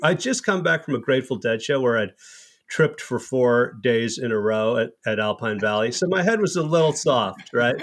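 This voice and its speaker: A man in his fifties, a podcast host telling a long, animated anecdote in casual chat with plenty of restarts. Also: mid-range voice, normal speed. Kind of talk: casual storytelling.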